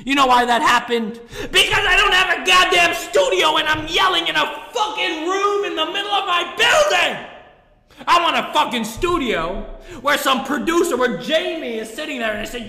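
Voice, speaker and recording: Dude screaming a sweary comedy rant, really high sharp voice, big echoey room. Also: male voice, normal speed, creaky. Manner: yelling, swearing, self-mocking. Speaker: comedian ranting to camera. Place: room in the middle of his building, no studio. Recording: echoey room with long reverb.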